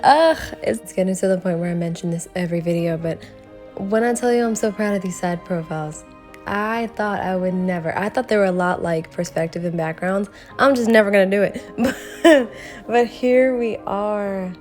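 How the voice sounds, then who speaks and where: A woman narrating her drawing process in a casual vlog, animated and laughing often. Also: medium pitch, normal speed, faint music behind. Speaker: art vlogger.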